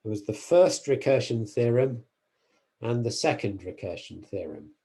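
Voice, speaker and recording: A man giving a university mathematics lecture, explaining carefully, pausing on fillers and correcting himself. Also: mid-range voice, expressive, mellow.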